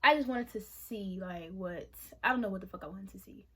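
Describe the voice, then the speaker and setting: A young woman of about twenty talks straight to her camera, venting in a loose, conversational way. Her voice sits at an ordinary middle pitch. She swears freely as she speaks her mind. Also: brisk, husky. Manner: emotional, venting, frank with swearing. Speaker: vlogger. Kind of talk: casual confessional vlog.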